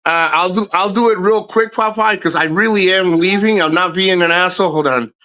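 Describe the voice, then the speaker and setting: A man's voice: high-pitched, fairly quick, pushed and bright, clean tone, rough recording. A man hosting a casual livestream, talking in a rambling, jokey way and swearing freely. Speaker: livestream host.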